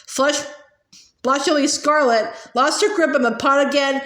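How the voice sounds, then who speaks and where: High-voiced woman reading a novel aloud. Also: steady tone, fairly bright tone. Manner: stumbles and restarts, with long 'uh' pauses. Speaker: audiobook reader. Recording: echoey room.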